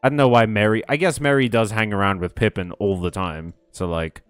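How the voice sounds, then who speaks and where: A man with a fairly low voice streams a video game, chatting loosely and reacting to chat with sarcastic, sweary asides. His voice is dry and close to the mic, with faint game music underneath. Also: fairly even intonation, brisk, fairly bright tone, clear, resonant tone, no echo. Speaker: gaming streamer. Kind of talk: casual let's-play commentary reading chat.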